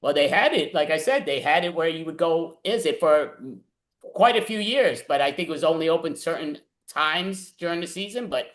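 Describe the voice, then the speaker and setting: A man's voice: a little high, animated, normal speed, fairly bright tone. A man from New City, hosting a casual, playful back-and-forth on a video call, often stumbling and restarting. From New York City. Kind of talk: casual chat.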